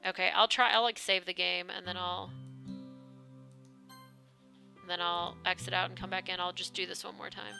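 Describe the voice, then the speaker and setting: A woman's voice: on the low side, flat delivery, quick pace, vocal fry, music in the background. A woman streaming a game, chatting casually, reading game text aloud and swearing now and then. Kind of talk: casual live-stream commentary.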